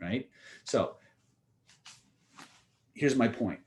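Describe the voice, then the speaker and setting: An emphatic man teaches influence techniques in a seminar, leading with a story. His voice sits at a middle pitch, and he speaks straight to his listeners, pressing his points with rhetorical questions. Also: animated, drawn-out words, darkish tone. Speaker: influence and communication trainer.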